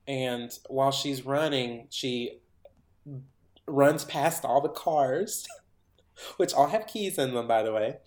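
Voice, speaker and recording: A man's voice: medium pitch, slow. Man rambling through a movie retelling. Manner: animated rambling retelling full of "like"s. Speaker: podcast co-host. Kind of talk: casual chat. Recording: roomy echo.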